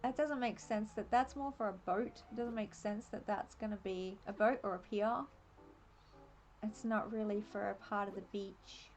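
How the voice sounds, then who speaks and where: An Australian woman streaming a game, chatting and thinking aloud in a relaxed, laughing way. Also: mid-range voice, normal speed. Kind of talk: casual live-stream commentary.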